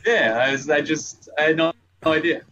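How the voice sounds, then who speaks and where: A man's voice: on the high side, fairly even intonation, fairly quick, pushed and bright, dull audio. A man co-hosting a sports podcast in casual chat, laid-back, with short reactions. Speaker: podcast co-host.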